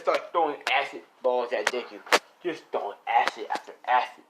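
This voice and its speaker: A man's voice: medium pitch, lively intonation, moderate pace, background noise. A young man improvising a fan-fiction story, rambling and casual, swearing often and full of fillers.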